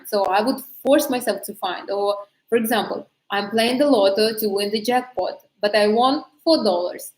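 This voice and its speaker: A woman's voice: medium pitch, moderate pace. Woman giving chatty advice, roomy echo. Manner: chatty, frequent fillers and self-corrections, laughs often. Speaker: manifesting coach. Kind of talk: casual advice talk.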